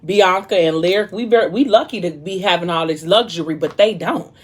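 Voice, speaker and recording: A woman's voice: fairly low pitch, a little fast, breathy edge. A woman voicing a firm, no-nonsense mother who talks plainly to her family. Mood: firm motherly.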